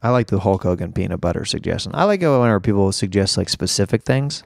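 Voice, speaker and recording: A hoarse young man hosts a solo comedy podcast, rambling and poking fun at himself. His voice swings lively up and down over a gravelly rasp, in a dry, close sound. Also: low-pitched, quick pace, no room sound. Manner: rambling, jokey and self-deprecating. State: hoarse with laryngitis. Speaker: podcast host.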